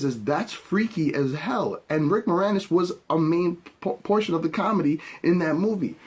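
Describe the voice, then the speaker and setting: A man's voice: a little high, slightly rough. A man hosting a podcast, giving a blunt, opinionated reaction with casual swearing. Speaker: podcast host.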